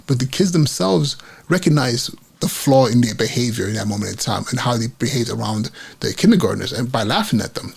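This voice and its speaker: A man's voice: mid-range voice, creaky, a little mellow, husky. A man hosting a podcast, earnestly retelling a story from his career as an educator, acting out the quotes with frequent restarts. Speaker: podcast host, school principal. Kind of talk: personal storytelling monologue.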